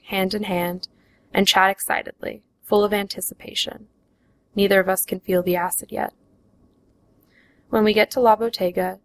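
A woman reading her own memoir aloud in the first person, slow and even. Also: mid-range voice, creaky, low-quality recording.

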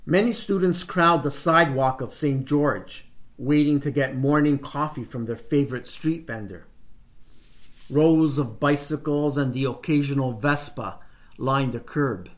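A man reads a first-person short story aloud at an unhurried, deliberate pace. His delivery stays measured, in a mid-range voice. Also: medium pitch. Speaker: reader.

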